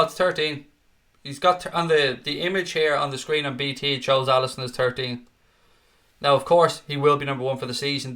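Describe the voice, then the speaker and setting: Young male fan-stream host with a fairly high, bright voice. Chatty, matey delivery. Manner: chatty and matey, often calls viewers "mate". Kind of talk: casual live-stream chat, reading viewer comments.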